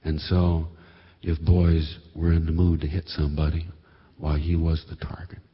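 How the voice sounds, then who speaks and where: A man telling a reflective story in a slow, measured, understated monologue. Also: very deep voice, level tone, slight background noise. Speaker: radio storyteller. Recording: muffled recording with long reverb.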